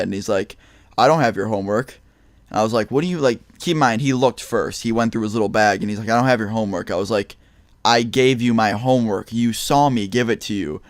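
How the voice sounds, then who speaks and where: A young man telling a storytime vlog in a casual, animated way, swearing and acting out the people in his story with loud outbursts. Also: lowish voice, dry recording. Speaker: storytelling vlogger.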